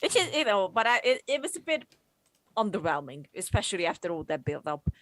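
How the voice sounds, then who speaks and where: A woman's voice: mid-range voice, big pitch swings, a little fast, a bit bright, no room sound. A woman co-hosting a film review show, sounding laid-back and noncommittal and using lots of fillers. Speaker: podcast co-host. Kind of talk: casual film review chat.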